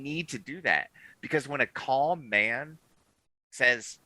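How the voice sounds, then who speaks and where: A man co-hosting a podcast in casual chat, telling his takes as an animated storyteller who swings his voice up and down. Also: mid-range voice, slow, no room sound, poor audio. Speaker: podcast co-host.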